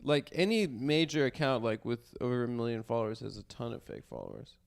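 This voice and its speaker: A man co-hosting a casual comedy podcast, mumbling and trailing off into quiet asides. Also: mid-range voice, sing-song, a little fast, vocal fry. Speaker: podcast co-host.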